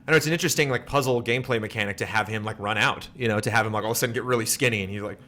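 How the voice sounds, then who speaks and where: A man's voice: on the low side, very fast, pushed and bright. A man chatting casually on a game livestream, rambling with many likes and restarts.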